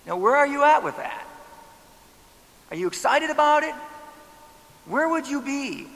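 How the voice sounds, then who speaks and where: High bright-voiced pastor in a reverberant hall. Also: male voice, lively intonation, measured pace, gravelly, long pauses. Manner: conversational, asks the congregation rhetorical questions. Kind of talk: sermon.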